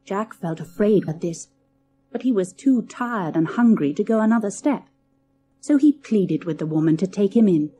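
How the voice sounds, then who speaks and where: A woman narrating a children's storybook in an expressive, lilting storytelling manner. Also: mid-range voice, normal speed, slight background noise. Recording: old cassette audiobook.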